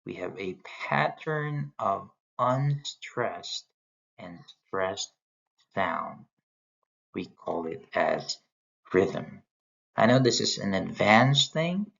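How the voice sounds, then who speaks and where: The dull lo-fi recording captures a man lecturing on poetry, walking through it step by step and pointing to examples on slides. He has a low, creaky voice with a fairly bright tone.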